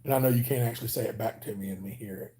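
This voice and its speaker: A man with a Southern US drawl, mellow and easygoing. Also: on the low side, very fast. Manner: rambling, joking, easygoing. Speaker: livestream host. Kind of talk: casual livestream chat with viewers.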